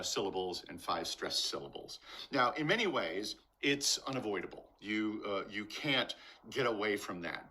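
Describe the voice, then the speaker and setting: An older man teaching acting in his garage, energetic and rhythmic, tapping out beats as he explains, recorded on a camera mic. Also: fairly low pitch, slightly rough. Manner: energetic, rhythmic demonstrations, bouncing a ball. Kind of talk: instructional talk to camera. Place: garage with concrete floor. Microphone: camera mic, steps back from it.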